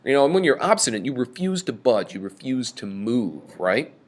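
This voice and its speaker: A man's voice: medium pitch, moderate pace. Guy lecturing on a play, voice jumps around a lot, casual teacher vibe. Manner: animated, reads quoted lines with raised voice. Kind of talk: lecture reading and explaining a play.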